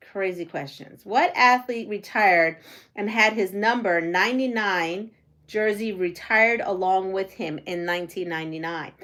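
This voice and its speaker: Woman, quilting stream host, slow and easy talker, medium pitch, giggles often and chats with viewers between trivia questions. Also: fairly bright tone. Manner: chatty, answers viewer comments and trivia questions as she works. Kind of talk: casual live-stream chat while sewing.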